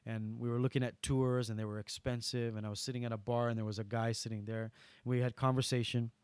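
A man, a guest on an interview podcast, telling lively stories and acting out the dialogue. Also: mid-range voice, quick pace, clear, resonant tone, dry recording. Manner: lively storyteller, acts out dialogue. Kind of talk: casual interview storytelling.

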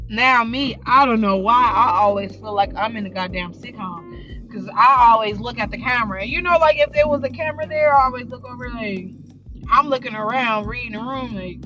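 Woman from south central venting about a coworker, high bright voice, muffled lo-fi sound with faint music behind. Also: moderate pace. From South Central Los Angeles. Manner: animated, slangy, swears freely, acts out coworkers' lines. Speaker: podcast host. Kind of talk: casual storytelling chat.

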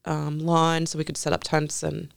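A woman, a guest on a podcast, chatting in a relaxed, wry way. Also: deep voice, moderate pace, vocal fry, clean tone, no echo. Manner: relaxed, wry, laughs easily. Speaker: podcast guest, craft creator. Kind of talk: casual chat. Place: podcast studio.

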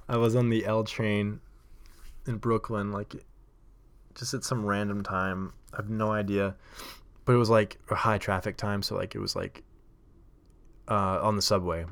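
A man's voice: lowish voice, normal speed, pauses often. A man hosting a podcast, telling a casual story in a rambling, filler-heavy way and laughing often. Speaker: podcast host.

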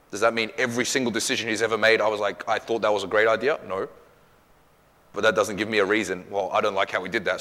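A man, a pastor, answering questions from his congregation in a casual, animated way, acting out little quoted exchanges. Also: lowish voice, long reverb tail. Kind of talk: church Q&A teaching.

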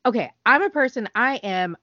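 A woman co-hosting a podcast in casual chat, talking fast and loose with lots of fillers and frequent laughs. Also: fairly high pitch, lively intonation, sharp tone, dry recording. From United States. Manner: chatty, laughs often, many fillers. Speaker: podcast co-host. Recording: dull, dry podcast audio.

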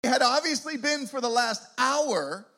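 A man's voice: very high-pitched, animated, normal speed, sharp tone. A middle-aged man speaking to a live audience, telling a humorous, self-deprecating story with many restarts and asides. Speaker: youth ministry speaker.

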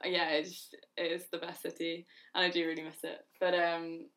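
A young university student from Canada chats in a friendly, giggly way, her bright voice sitting at a middle pitch. She is recorded from some distance, so she sounds slightly far off. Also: completely flat delivery, moderate pace. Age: young adult. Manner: friendly, giggly, lots of backchannel. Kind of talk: casual conversation.

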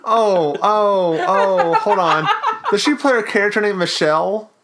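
A man from the Baltimore area co-hosting a podcast in casual, jokey, excitable chat. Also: high-pitched, unhurried, gravelly, slight background noise. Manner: jokey, excitable, self-mocking. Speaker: podcast co-host.

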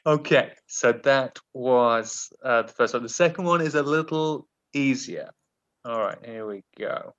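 A man's voice: mid-range voice, measured pace, a bit bright, dull audio. A Northern Irish man hosting a quiz podcast, teasing his co-host and laughing often. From Northern Ireland. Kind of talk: casual podcast chat.

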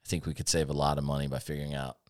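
A man's voice: extremely low pitch, level tone, rapid-fire. A man hosting a casual talk show, telling sardonic stories about an old job and laughing often. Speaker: podcast host. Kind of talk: casual chat, storytelling.

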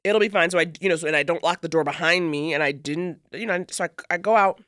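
Bright-voiced woman telling a rambling story. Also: sits low, fast, dry recording, studio quality. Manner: rambling, filler-heavy, self-mocking. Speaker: podcast co-host. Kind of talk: casual storytelling chat.

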